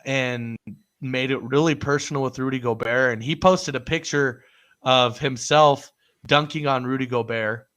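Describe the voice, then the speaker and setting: A man's voice: mid-range voice, steady tone, measured pace, a bit bright, clear, resonant tone. A man co-hosting a casual sports chat, telling a story with frequent laughs. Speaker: podcast co-host.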